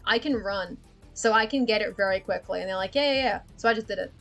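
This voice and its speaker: A woman's voice: mid-range voice, steady tone, fast, fairly bright tone, faint music behind. A young woman, chatting candidly on a livestream, swearing freely and laughing often. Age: young adult. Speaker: livestream host. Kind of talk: casual livestream chat.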